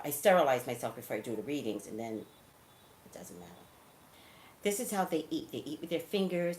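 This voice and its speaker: A woman chats straight to the camera, her pitch swinging widely as she tells her stories. She sounds like a casual vlogger in an echoey room, with a faint hiss behind her. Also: gravelly. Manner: animated, chatty storyteller who talks straight to viewers. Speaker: psychic vlogger.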